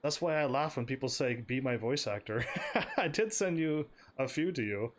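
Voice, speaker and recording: Man, live streamer, casual gameplay chat, stammering, laughs a lot, slightly strained, fairly high voice. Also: animated, moderate pace. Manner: chatty, stammering, laughing often.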